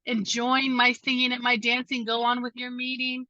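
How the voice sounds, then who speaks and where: A carefree male rabbit speaks easily and lightly, voiced by a woman. The voice is bright and close. The recording is muffled and lo-fi. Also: a little high, monotone, normal speed, dry recording. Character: carefree male rabbit who loves to sing. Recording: dull lo-fi sound.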